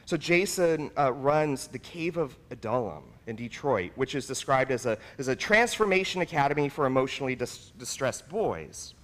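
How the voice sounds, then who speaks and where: Earnest male pastor, lively slightly high voice, recorded in a reverberant church. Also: normal speed, few pauses. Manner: earnest, personal and confessional. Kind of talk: sermon. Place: church sanctuary.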